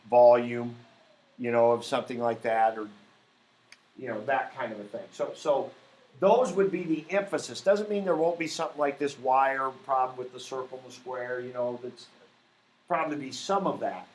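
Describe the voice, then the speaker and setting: A man teaches a math lesson in an echoey classroom, at a middle pitch. His delivery is informal and wandering, with plenty of fillers and sudden emphatic stresses on key words. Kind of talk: classroom lecture.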